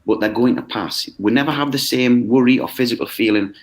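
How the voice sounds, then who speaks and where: A man who runs a mindfulness course talks in a lively, conversational way, acting out quoted voices and checking in with "okay?". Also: mid-range voice, fairly quick. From United Kingdom. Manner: animated, acts out quoted voices, frequent "okay?". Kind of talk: conversational explanation. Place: video call.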